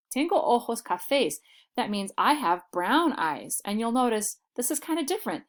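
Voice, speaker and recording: A woman teaching a Spanish vocabulary lesson, explaining patiently and saying model phrases slowly and clearly. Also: mid-range voice, sing-song.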